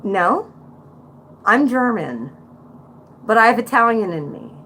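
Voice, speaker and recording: A livestream host in her forties, speaking with a Central Pennsylvania accent, reacts bluntly and outspokenly to music and adds preachy asides. Her voice is on the high side, very animated, slow, and a bit bright, with slight background noise.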